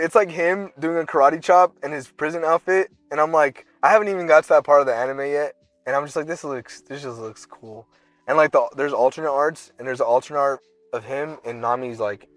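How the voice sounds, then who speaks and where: A man's voice: fairly high pitch, no echo. Young male podcast co-host, chatty storyteller, dry close sound. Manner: animated storytelling, slangy, acts out characters in bursts. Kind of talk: casual chat.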